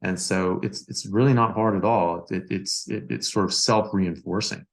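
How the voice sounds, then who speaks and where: A man's voice: sits low, steady tone, moderate pace. A man talking as a doctor guest, telling a story casually with lots of fillers and repeated words.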